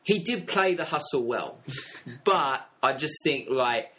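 Playful man with a lively voice. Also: medium pitch, takes it slowly, rough recording. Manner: laughs often, playful. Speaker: podcast co-host. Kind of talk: casual film chat.

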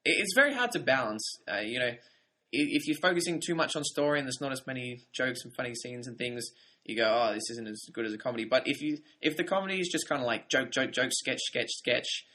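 A young man talks through a TV series on a casual review podcast. His voice is bright and clear, and his delivery is relaxed and good-humored. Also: medium pitch, fast. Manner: easygoing, laughs often. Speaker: podcast co-host.

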